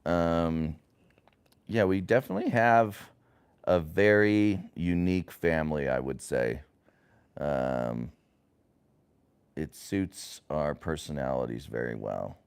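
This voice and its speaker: Low, calm man chatting on a family livestream. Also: takes it slowly, long pauses, clear, resonant tone. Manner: rambling, many fillers and restarts. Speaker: parent hosting a family livestream. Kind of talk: casual livestream chat.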